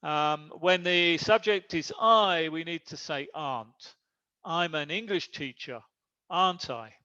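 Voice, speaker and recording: A man teaching an online English class, explaining grammar slowly and switching between English and Spanish. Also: a little high, bright, forceful tone, smooth. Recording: dull lo-fi sound.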